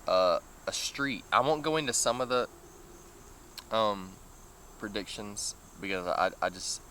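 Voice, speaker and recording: Rambling man with a bright voice. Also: fairly low pitch, a little hiss or hum. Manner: rambling, full of "like" fillers, nervous laughs. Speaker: vlogger. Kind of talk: casual storytelling.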